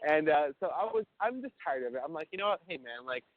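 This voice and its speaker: Young guy on a tinny phone call, kinda high voice, rambling with lots of likes and swearing. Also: animated, a little fast. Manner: rambling storyteller, fillers and swearing. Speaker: caller on a prison phone call. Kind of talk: casual phone chat.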